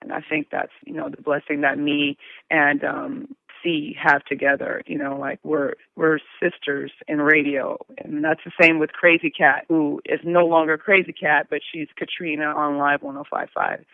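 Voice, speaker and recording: A woman's voice: sits low, little pitch movement, moderate pace, creaky, dry recording, phone-quality sound. A woman who works in radio, chatting candidly and laughing easily as an interview guest, calling in from her recliner at home. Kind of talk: casual interview chat.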